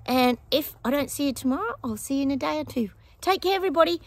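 An animated Australian psychic vlogger rambles casually to her viewers in a high voice at a quick pace, sometimes bursting into song. She's filming on a handheld phone outside in her backyard.

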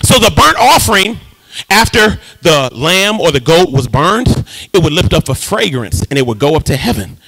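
A man preaching in a high, bright voice with a gravelly rasp running through it. He swoops all over his range, lifting into sing-song rises as he jokes and calls out to the congregation in a church sanctuary. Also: moderate pace, poor audio. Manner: lively call-and-response preaching with humor and sing-song rises. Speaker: pastor. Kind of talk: sermon.

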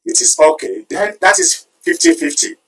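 A man hosting a live stream, reading viewer comments aloud and tallying their votes in an animated way. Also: very high voice, normal speed, creaky, far from the mic, low-quality recording. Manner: animated, switching between Yoruba and English, counting votes aloud. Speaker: livestream host.

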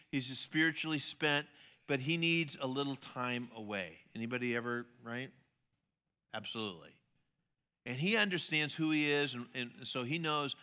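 A man preaching a sermon in a church, telling a story with animated, acted-out voices. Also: medium pitch. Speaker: pastor.

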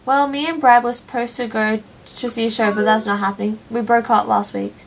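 A young woman talks through a breakup in chat messages, read aloud by a woman gamer. The reading is soft and plain. The voice sits slightly high. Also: steady tone, a little fast, creaky, a little hiss or hum, low-quality recording. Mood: quiet. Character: young woman chatting online after a breakup. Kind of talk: reading in-game chat lines.

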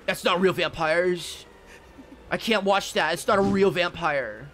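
A man's voice: high voice, measured pace, fairly bright tone, slight background noise. A man putting on the voice of a whiny, indignant adult vampire purist fan who huffs in complaint.

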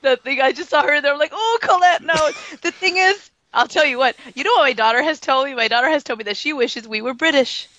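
A woman's voice: sits high, fast talker, few pauses, bright, forceful tone, no room sound, dull audio. Giggly woman chatting on a podcast. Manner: giggly, chatty, reads out listener names. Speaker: podcast co-host. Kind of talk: casual live podcast chat.

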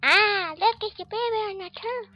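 A squeaky little tough guy barks at intruders on his turf, cocky and taunting, as a woman puts him on. The voice sits extremely high, and the sound is dull and bone-dry. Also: moderate pace, dry recording, soft background music.

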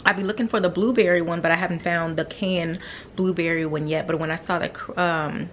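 With a lowish voice and a brisk pace, this home vlogger in her thirties chats to viewers from her couch, animated and direct. A little hiss or hum can be heard.

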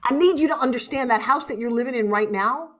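Her voice slightly high and fairly bright, this middle-aged motivational speaker talks quickly through an emotional keynote on a conference stage. She presses her listeners to act and becomes tearful at moments.

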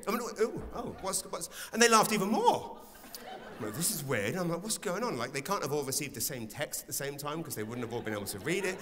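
Male stand-up, bright and animated, swears freely, acts out dialogue; theatre reverb, faint crowd. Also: medium pitch. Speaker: stand-up comedian. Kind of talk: stand-up comedy set. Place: large theatre stage with a live audience.

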